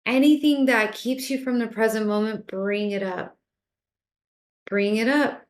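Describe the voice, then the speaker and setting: Calm woman guiding a meditation. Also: on the high side, a little slow. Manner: calm, repetitive, gently coaxing. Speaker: spiritual teacher. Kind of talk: guided meditation talk.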